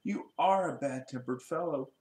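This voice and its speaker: A man's voice: fairly high pitch, normal speed, a little mellow, natural voice. A man voicing a cheerful, polite storybook man with mild, proper speech, in an echoey room.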